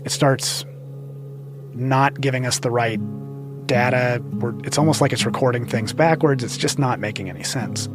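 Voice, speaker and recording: A man telling his own true story for a podcast, earnest and halting, with small restarts. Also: mid-range voice. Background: music underneath.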